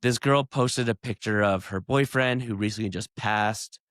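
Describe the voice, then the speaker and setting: A man's voice: on the low side, normal speed, fairly bright tone, dry recording, clean studio sound. A man co-hosting a podcast in laid-back casual chat, retelling clips. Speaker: podcast co-host.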